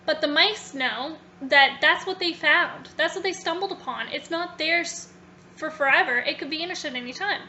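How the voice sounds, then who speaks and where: A woman vlogger casually retelling a story in a chatty, animated way, linking her sentences with "so". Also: high-pitched, normal speed, slight background noise.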